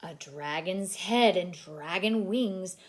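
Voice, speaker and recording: A woman childcare teacher reading a picture book aloud to young children, asking them questions and dropping into a hushed whisper for suspense. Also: fairly low pitch, slow, a little hiss or hum. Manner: animated, asks the children questions.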